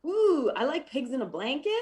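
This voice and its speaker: A woman's voice: high voice, big pitch swings, moderate pace, mellow. A woman guest on a comedy talk show, tossing out cheerful quips. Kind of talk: improv comedy chat.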